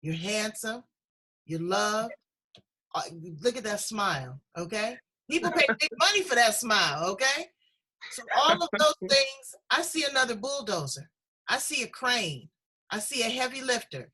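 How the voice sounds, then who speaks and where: A woman's voice: on the high side, pushed and bright, breathy edge, poor audio. A woman hosting a casual chat show over a video call, effusive and encouraging, speaking with strong emotion. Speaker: host.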